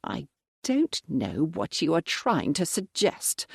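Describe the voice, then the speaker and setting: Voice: medium pitch, wildly swooping pitch, takes it slowly, vocal fry, husky, no echo, studio quality, heavily acted. A narrator voicing a frightened, breathless elderly viscount in an audiobook, gasping out his lines. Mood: evasive. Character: panicking, wheezing old male viscount.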